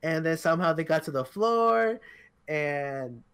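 A man's voice: a little high, expressive, measured pace, fairly bright tone, smooth. A tired young man co-hosting a podcast, telling a rambling, profane story in casual chat with lots of restarts. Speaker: podcast co-host.

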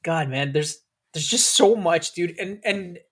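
A man chatting on a casual podcast with a slightly high voice. He talks fast, laughs a lot and swears freely. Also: breathy edge. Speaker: podcast co-host.

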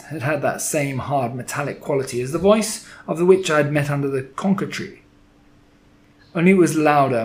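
A man narrating a children's story, with a dramatic, expressive delivery. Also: medium pitch. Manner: dramatic, expressive reading with shifting loudness.

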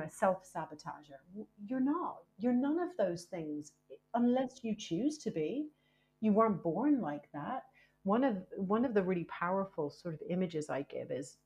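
A woman speaking as a guest in a candid podcast conversation, lively and emphatic, with many "you know" fillers. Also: mid-range voice. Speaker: guest, presenter and author.

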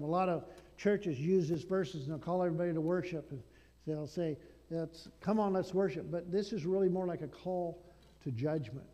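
A man's voice: on the high side, normal speed. Emphatic male preacher in a reverberant hall. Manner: emphatic preaching, swings between loud declarations and hushed asides. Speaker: pastor. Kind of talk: sermon.

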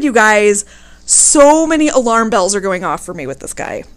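Woman podcast host, worked up and swearing a lot, kinda high voice, chatty storytelling. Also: moderate pace. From United States. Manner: animated, indignant, swears freely. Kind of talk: casual storytelling.

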